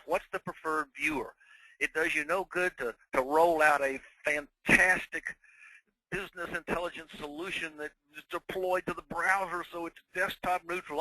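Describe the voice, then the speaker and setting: Bright-voiced man with a New York accent. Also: on the high side, dry recording, poor audio. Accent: Northeastern New York. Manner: conversational, poses rhetorical questions. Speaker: webinar presenter. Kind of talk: webinar presentation.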